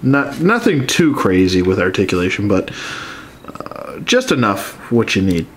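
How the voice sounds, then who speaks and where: Low-voiced stuffed-up man reviewing toys. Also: very animated, measured pace, a little hiss or hum. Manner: easygoing, conversational. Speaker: toy collector reviewer. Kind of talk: casual toy review.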